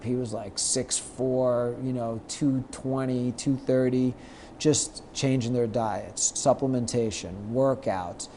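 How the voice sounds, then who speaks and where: Middle-aged male guest, mellow voice, animated storyteller who acts out quotes, faint noise behind. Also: medium pitch. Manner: lively anecdotes, acts out quoted lines. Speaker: guest, sports marketer. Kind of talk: storytelling in a podcast interview.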